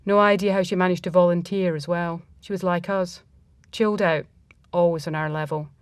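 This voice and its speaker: Low-voiced woman reading a story. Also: fairly even intonation, no room sound. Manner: reflective, measured. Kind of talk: first-person story reading.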